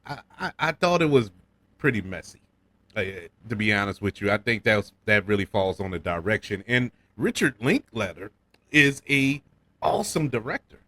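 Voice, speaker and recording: A man's voice: fairly low pitch, normal speed. A man from New Orleans with a local accent, giving a casual film review on his podcast, chuckling and stumbling over repeated words. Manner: animated, repeats words when restarting, chuckles often.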